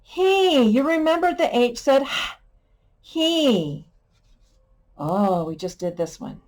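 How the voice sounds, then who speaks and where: A woman's voice: sits high, sing-song, slow, a little mellow. A woman teacher giving a sight word lesson to young children, patient and playful, sounding out letters and adding little sound effects.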